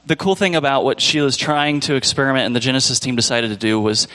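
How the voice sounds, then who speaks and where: A man's voice: mid-range voice, fairly even intonation, quick pace, sharp tone. Casual man rambling through church announcements. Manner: casual, rambling, loses his train of thought. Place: church sanctuary.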